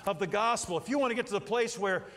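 A man's voice: sits high, fast talker. A middle-aged man preaching a sermon in a church, telling folksy stories and acting out little scenes as he goes. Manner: folksy, animated storytelling with acted-out asides. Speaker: pastor. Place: church sanctuary. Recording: long hall reverb.

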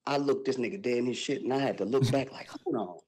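A young man telling a wild story on a podcast, loud and animated, with sound effects and profane slang. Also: mid-range voice, fast, husky, rough recording.

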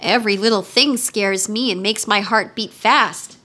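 A woman's voice: mid-range voice, moderate pace, pushed and bright. A woman voicing a big, timid male lion who speaks meekly in a storybook reading. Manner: meek.

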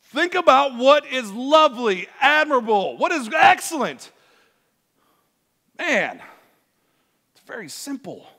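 Pastor, male, sermon delivery; high, bright and forceful, animated with loud emphatic bursts, church hall reverb. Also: takes it slowly, gravelly, long pauses. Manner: animated, swings between soft asides and loud emphatic bursts. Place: church sanctuary.

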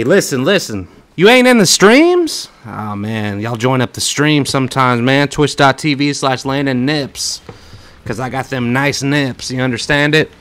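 A young man streaming a shooter game, talking casually and trash-talking loudly, swearing, with sudden shouted outbursts. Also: mid-range voice. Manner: loud, excitable trash talk, swearing, bursts of shouting. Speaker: gaming streamer. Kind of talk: casual gameplay commentary.

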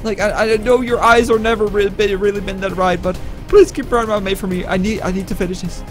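Brief: high-pitched male gaming YouTuber, frantic stammering play-by-play. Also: steady tone, fast talker, soft background music. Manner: panicky and stammering. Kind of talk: gameplay commentary.

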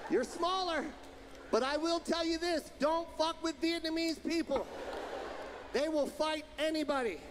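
A man with a very high voice tears through a stand-up set, shouting his punchlines and laughing between them. The stage recording is noisy, with a loud buzz of crowd and room behind him. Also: a little slow. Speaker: stand-up comedian. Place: comedy stage.

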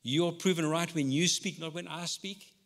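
A male pastor delivers his sermon in an easy, conversational manner, now rising and pressing, now dropping almost to a hush. His voice sits a little high for a man. The hall around him adds a long, lingering reverb. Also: fairly even intonation, normal speed, gravelly. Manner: conversational preaching, swings between loud and soft. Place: church hall.

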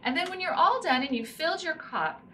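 Bright middle-aged woman walking you through a craft demo step by step, mic a bit far off. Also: very high voice, lively intonation, a little fast. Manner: explains step by step while demonstrating. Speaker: spinning instructor. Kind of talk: hands-on craft demonstration. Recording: slightly distant mic with faint room noise.

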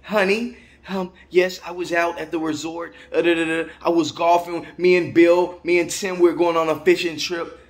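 A man's voice: a little high, little pitch movement, moderate pace, lightly acted. A man voicing a breezy middle-aged husband calling his wife from a trip.

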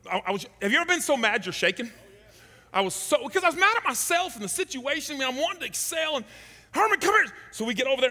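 A middle-aged man preaching a sermon, telling a story and acting out the shouted quotes. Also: a little high, in a large hall. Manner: animated, acts out shouted quotes. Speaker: pastor. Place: large church hall.

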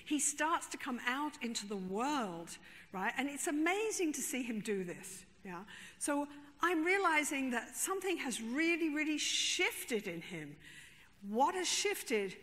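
A woman therapist tells an expressive story to a conference audience in a high, bright voice. She speaks slowly and with emphasis. A long reverb from the large hall trails behind her.

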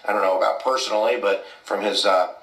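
Low-voiced man rambling through history, echoey. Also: steady tone, fast talker, a bit bright, far from the mic. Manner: rambling, many fillers like "kind of" and "you know". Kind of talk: casual history explanation. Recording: echoey clip from off-mic.

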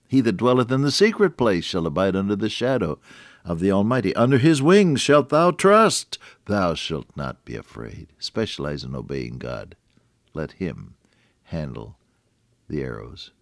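A man's voice: sits low, no room sound, clean studio sound. Older man preaching a folksy radio sermon. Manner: folksy, chuckling, many restarts.

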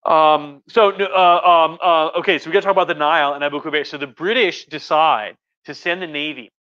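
Eager, bright-voiced man lecturing on stream. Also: fairly high pitch, a little fast, smooth, highs cut off. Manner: rambling and enthusiastic, many restarts. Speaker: history professor hosting a livestream. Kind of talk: casual lecture on a live stream.

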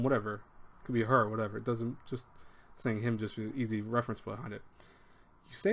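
A man's voice: medium pitch, fast talker, a little mellow. Rambling man giving casual advice. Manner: rambling, emphatic, with many restarts and acted-out quotes. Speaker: advice video host.

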